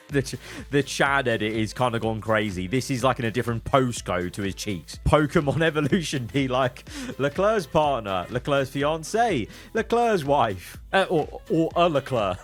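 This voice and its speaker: A man hosting his channel, chatting through meme reactions, quipping quickly and laughing often. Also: mid-range voice, lively intonation, soft background music. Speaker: channel host.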